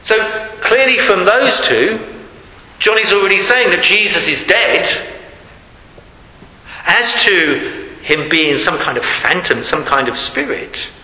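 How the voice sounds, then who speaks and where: A man's voice: high-pitched, lively intonation, takes it slowly, pauses often, sharp tone. Man, sermon, rhetorical questions, roomy echo, long reverb. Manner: reflective, asks rhetorical questions. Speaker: preacher. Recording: echoey hall.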